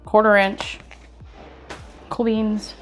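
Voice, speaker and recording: A woman's voice: medium pitch, little pitch movement, very slow, soft background music. A woman chatting folksily to viewers as she cooks in a home kitchen. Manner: chatty, folksy, talks to viewers while stirring. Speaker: home cooking vlogger. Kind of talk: casual cooking demonstration.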